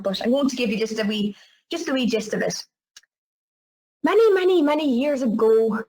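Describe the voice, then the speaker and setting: A middle-aged Northern Irish woman presenting travel experiences, a lively, chatty storyteller. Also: a little high, poor audio. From Northern Ireland.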